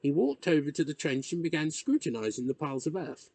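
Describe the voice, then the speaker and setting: A man reading a novel chapter aloud in measured, expressive narration. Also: fairly high pitch, gravelly, no echo. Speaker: reader. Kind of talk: audiobook narration.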